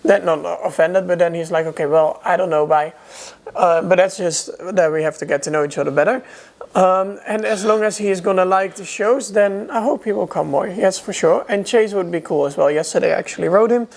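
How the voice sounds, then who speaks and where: A young Dutch man speaking English with a light Dutch accent, chatting casually with hesitant pauses. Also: high voice, gravelly. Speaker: co-host, horse rider. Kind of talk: casual chat.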